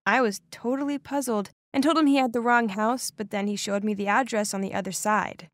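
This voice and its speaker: A woman narrating a first-person animated story in an expressive, dramatic way. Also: medium pitch, a little fast, no echo, studio quality.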